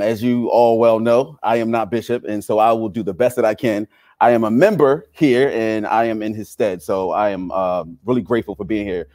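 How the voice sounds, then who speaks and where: A man's voice: medium pitch, darkish tone, dry recording, clean studio sound. A man filling in as host of a church podcast, upbeat and respectful, saying "yes, sir" a lot. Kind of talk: casual church podcast interview.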